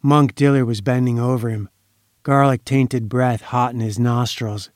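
A man reading a crime story aloud in measured, dramatic audiobook narration. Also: medium pitch, fairly even intonation, darkish tone, no echo, studio quality.

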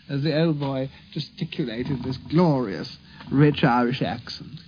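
A man recalling his childhood in an archival interview, speaking fondly and at a measured pace. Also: mid-range voice, slight background noise. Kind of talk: archival reminiscence. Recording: dull lo-fi archive recording.

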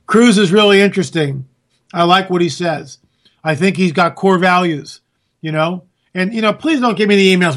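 A man delivering a sarcastic, animated political monologue, talking straight to his listeners as folks. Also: high-pitched, normal speed.

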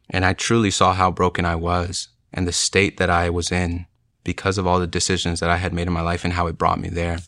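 A man's voice: low-pitched, pushed and bright, dry recording. A young man earnestly telling his personal testimony, in an emotional storytelling way.

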